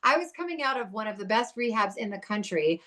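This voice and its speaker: A woman's voice: mid-range voice, lively intonation, a little fast, a bit bright. Fiery, blunt woman telling her story. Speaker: podcast guest. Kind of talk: candid recovery storytelling.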